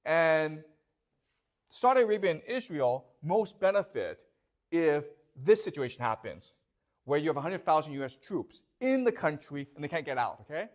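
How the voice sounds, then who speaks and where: A man's voice: a little high, very animated, normal speed. A man lecturing a class, constantly checking that his students understand with rhetorical questions.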